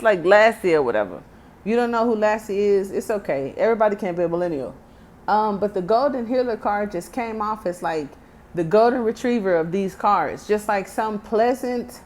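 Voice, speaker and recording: A woman's voice: medium pitch, a little mellow, a little hiss or hum. Chatty Texan woman reading tarot cards. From Texas. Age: 30s. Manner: chatty, joking asides, reads card text aloud. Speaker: tarot reader. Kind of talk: casual tarot card reading.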